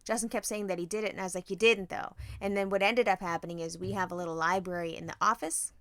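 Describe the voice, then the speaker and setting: Bright-voiced woman, animated podcast co-host. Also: medium pitch, very fast, no room sound. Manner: animated and profane, laughs often. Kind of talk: casual chat.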